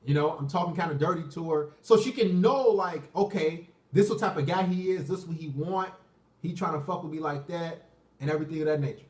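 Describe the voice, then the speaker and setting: Man, high-pitched, profane boastful storyteller, restarts a lot; echoey room, mic set back. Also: a little fast, a little mellow, distant mic. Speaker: vlogger telling a personal story. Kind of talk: casual storytelling.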